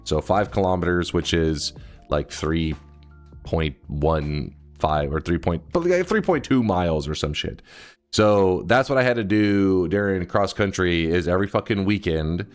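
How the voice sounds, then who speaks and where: Streamer, man, 30s: deep-ish voice, rambling, profane, prone to loud outbursts, faint music in the background. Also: measured pace. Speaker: livestreamer. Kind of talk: casual live-stream chat.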